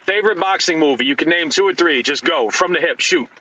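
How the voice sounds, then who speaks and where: A man's voice: fairly high pitch, expressive, fast talker, bright, forceful tone, highs cut off. A man hosting a casual, crude, joking group chat over a voice call. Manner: loose, joking, crude banter. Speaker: podcast host.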